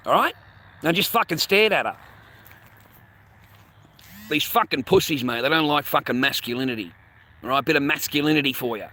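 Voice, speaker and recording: A man's voice: on the high side, lively intonation, a little fast, pauses often, bright, forceful tone. A middle-aged man ranting on a livestream, blunt and crude, swearing constantly. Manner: crude, profanity-heavy, blunt.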